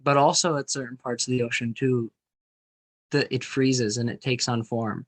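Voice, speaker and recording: A man's voice: medium pitch, fairly even intonation, normal speed. A man, a student, sharing a comment in class over a video call, hesitant and full of ums and likes. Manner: hesitant, many ums, likes and sort ofs.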